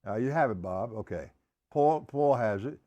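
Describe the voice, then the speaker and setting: A man with a mid-range, dark-toned voice runs a live-streamed drum lesson from an indoor drum studio, speaking animatedly at normal speed. The highs are cut off in the live stream microphone audio, and drums play in the background as he counts beats and calls on students by name.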